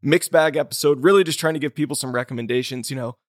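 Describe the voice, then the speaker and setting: A man hosting a film podcast, chatting casually and rambling with quick restarts and laughs. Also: mid-range voice, no room sound, studio quality. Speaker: podcast host.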